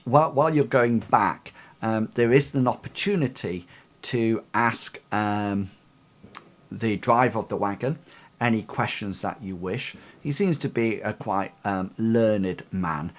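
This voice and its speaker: A man narrating as game master of a streamed tabletop game, rambling with many fillers and restarts. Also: fairly low pitch.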